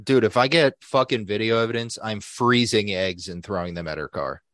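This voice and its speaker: A young adult man co-hosting a podcast, telling a story in a casual, animated way, swearing freely and acting out what other people said. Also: lowish voice, normal speed, no echo, studio quality. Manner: animated, profane, acts out quoted people. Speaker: podcast co-host.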